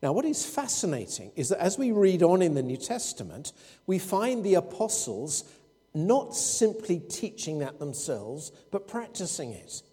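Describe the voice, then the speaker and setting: Male preacher, mellow and husky, expository sermon style. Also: sits high, big pitch swings, unhurried. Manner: expository, with anecdotes and quoted dialogue. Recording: long hall reverb.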